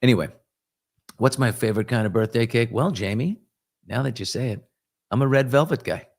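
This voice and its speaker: A man's voice: medium pitch, a little fast, creaky. A man in his fifties from New York, hosting a casual live chat and answering viewers, rambling and self-reflective with joking asides. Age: 50s. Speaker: host.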